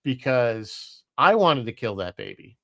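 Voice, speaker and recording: A man's voice: medium pitch, very animated, a little slow, bright, forceful tone, no room sound. A man co-hosting a casual podcast chat, talking loosely, laughing often and restarting his sentences. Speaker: podcast co-host.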